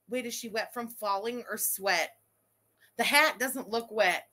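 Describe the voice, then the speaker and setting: This live-reacting woman streamer has a bright, high voice with some tension in it, yet her pace is unhurried. Excitable and profane, she swears without restraint, breaks into laughing fits and outraged rants, and pauses between them to thank viewers.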